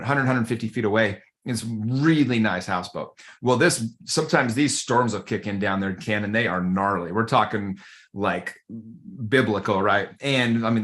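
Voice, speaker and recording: Animated male podcast guest telling a story. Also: mid-range voice. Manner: animated, conversational, addresses the host by name. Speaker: guest, men's group coach.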